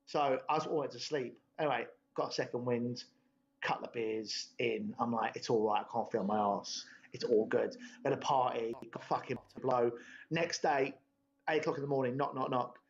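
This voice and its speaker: A man's voice: medium pitch, steady tone, fairly quick. A young man, telling a rambling, sweary story in laddish podcast chat. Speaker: podcast host. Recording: dull lo-fi podcast audio.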